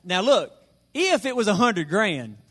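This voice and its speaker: High-voiced folksy preacher. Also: male voice, big pitch swings, fairly bright tone. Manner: folksy and joking, slows down to stress numbers. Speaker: pastor. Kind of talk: sermon.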